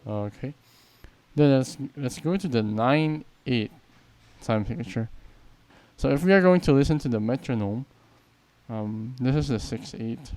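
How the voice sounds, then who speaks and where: A man's voice: medium pitch, unhurried, mellow, no echo. A man teaching a piano tutorial, counting beats aloud and explaining patiently. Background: piano playing.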